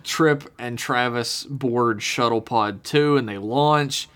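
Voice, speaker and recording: A man's voice: mid-range voice, fairly bright tone. Laid-back man recapping an episode. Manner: laid-back, swears often, slips into quick silly impressions. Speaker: podcast co-host. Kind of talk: casual chat recapping a TV episode.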